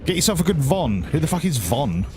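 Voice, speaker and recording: A man's voice: fairly high pitch, big pitch swings, brisk, darkish tone, faint music behind. A man streaming a game as a hobby, chatting casually and sweary with his viewers in rambling banter. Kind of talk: casual live-stream chat to viewers while gaming.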